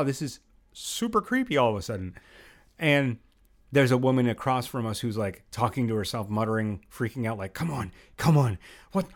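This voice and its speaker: A man hosting a podcast, telling a long personal story in a casual, rambling way with lots of fillers and restarts. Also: mid-range voice. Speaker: podcast host.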